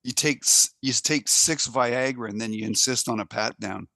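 A man's voice: medium pitch, normal speed, gravelly, bright, forceful tone, no echo. A man co-hosting a casual comedic podcast, telling rambling stories and laughing as he goes. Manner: rambling storyteller, laughs mid-story. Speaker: podcast co-host.

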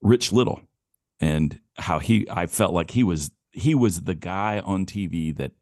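A man's voice: deep voice, unhurried, a little mellow, no room sound, studio quality. A man co-hosting a podcast in casual chat, rambling loosely, laughing easily and swearing now and then. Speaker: podcast co-host.

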